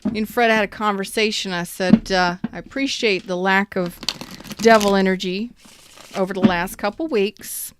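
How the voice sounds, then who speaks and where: This casual tarot reading comes from a woman whose mid-range voice moves at a moderate pace with fairly even intonation. She talks directly to viewers in a chatty, upbeat, emphatic manner, and the background is noisy.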